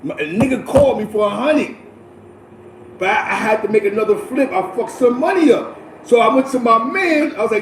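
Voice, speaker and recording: Animated, high-voiced New street storyteller. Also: male voice, brisk, roomy sound, background noise. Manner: animated, streetwise, laughing, repeats "you know what I'm saying". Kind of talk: casual storytelling in a podcast.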